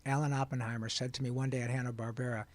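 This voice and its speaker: Lively older man telling stories. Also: mid-range voice, racing, no echo. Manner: lively, breaks into sung lines and quoted voices. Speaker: guest voice actor. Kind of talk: animated interview storytelling.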